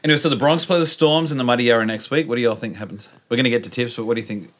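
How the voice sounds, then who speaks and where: Australian male podcast host, chatty, animated storyteller, laughs a lot, mid pitch. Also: very fast. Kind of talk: casual sports chat.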